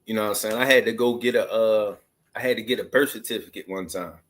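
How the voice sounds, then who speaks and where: A man's voice: lowish voice, fairly even intonation, fast, a bit bright. Slangy man in his thirties rambling. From Maryland, USA. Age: 30s. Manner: loose, slangy street talk with many asides. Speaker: vlogger. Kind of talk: casual storytelling monologue.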